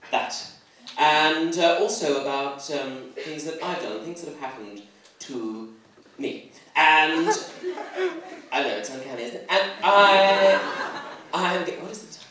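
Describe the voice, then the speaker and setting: A man's voice: a little high, fairly bright tone. A young man doing a stand-up comedy set, camp and self-deprecating in an arch manner. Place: comedy club stage before a live audience. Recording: echoey hall mic from far off, audience laughter. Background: crowd laughing.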